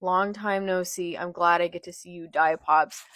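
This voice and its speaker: A woman's voice: fairly low pitch, fairly even intonation, moderate pace, a bit bright, no echo, natural voice. A woman reading a smug traitorous pirate. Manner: plain read-aloud. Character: treacherous male pirate, smug and mocking.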